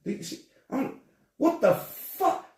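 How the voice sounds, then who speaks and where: An older man hosting a casual podcast chat, animated and swearing as he rants. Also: very high-pitched, slow, gravelly. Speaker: podcast host. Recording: echoey room, distant from mic.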